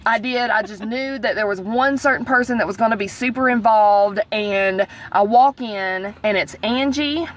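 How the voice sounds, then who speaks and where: A woman, telling a story in lively chat and leaping up in pitch for quoted lines. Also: normal speed, hardly any pauses. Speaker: vlog co-host, theater director.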